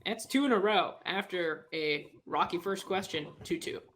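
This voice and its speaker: A woman's voice: on the low side, normal speed, a bit bright, a little hiss or hum. A woman co-hosting a trivia game show, playfully announcing questions and teasing the contestants. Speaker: co-host.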